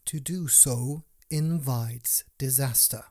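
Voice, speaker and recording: A man's voice: medium pitch, slow pace, dark tone. A man voicing a proud fairy queen who speaks formally and with command. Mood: stern.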